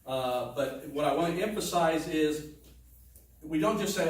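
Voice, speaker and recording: A man's voice: a little high, moderate pace. A man preaching a sermon in a conversational teaching manner, with asides and restarts. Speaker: pastor. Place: church sanctuary. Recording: echoey room, distant mic, faint noise.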